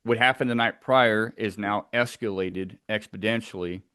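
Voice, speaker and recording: A man with a somewhat low voice tells a tense first-person account of a wilderness encounter, acting out sounds as he goes. The recording is dry and close, with no room around him. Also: fairly even intonation, moderate pace, a bit bright, smooth, no echo. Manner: tense, vivid storytelling that acts out sounds. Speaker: eyewitness telling of a wilderness encounter.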